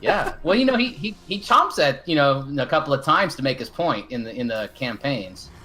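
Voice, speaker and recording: A man's voice: medium pitch, expressive, normal speed, sharp tone. Joking male esports co-caster. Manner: joking, rambling, self-deprecating. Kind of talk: casual esports color commentary.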